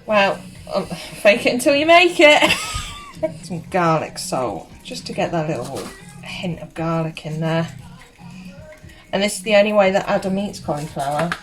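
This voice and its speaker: A woman's voice: lowish voice, big pitch swings, normal speed, poor audio. A British woman vlogging as she cooks a roast dinner in her home kitchen, chatty and giggly, explaining each step to her viewers. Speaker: cooking vlogger. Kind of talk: casual cooking walkthrough. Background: background music and pans.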